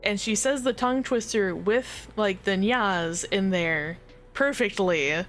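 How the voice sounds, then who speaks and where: A woman streaming a game live, chatting casually to her viewers, giggling and swearing as she gets excited. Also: mid-range voice, slow pace, soft background music.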